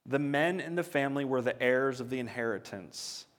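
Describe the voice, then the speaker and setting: A man's voice: mid-range voice, animated, moderate pace, big-room sound. A man, a father, preaching a sermon in an earnest, conversational way that builds to emphatic peaks. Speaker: pastor.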